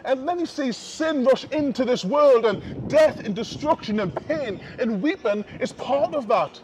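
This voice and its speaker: Outdoors on a city street, a man with an extremely high, animated voice delivers an impassioned, repetitive sermon a little slowly, building emphasis as he goes. It's captured in a dull, lo-fi outdoor recording with faint noise.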